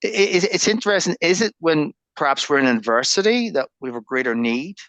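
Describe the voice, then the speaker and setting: A man's voice: fairly high pitch, animated, brisk, a bit bright, no echo. Musing man, dry sound. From Northern Ireland. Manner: musing, thinks aloud. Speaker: podcast guest. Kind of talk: reflective conversation.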